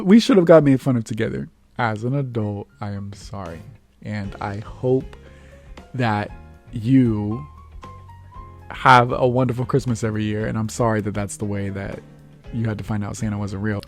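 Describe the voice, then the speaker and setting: A young man hosting his own vlog, telling childhood stories in a casual, animated way, laughing often and acting out other people's lines. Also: on the low side. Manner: animated, laughs often, acts out quotes in raised voice. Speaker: vlog host. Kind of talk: casual storytelling monologue.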